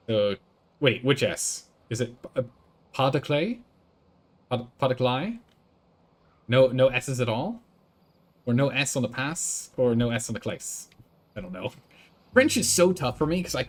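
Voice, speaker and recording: Guy streaming a game, chatting w chat, faint music behind, mid-pitched voice. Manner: chatty, thinks aloud, answers chat, laughs often. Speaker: streamer playing a building game. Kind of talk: casual live-stream commentary.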